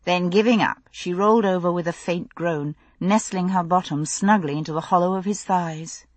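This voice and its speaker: Woman audiobook narrator, dry close sound, breathy low voice. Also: moderate pace, dry recording. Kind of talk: scripted narration.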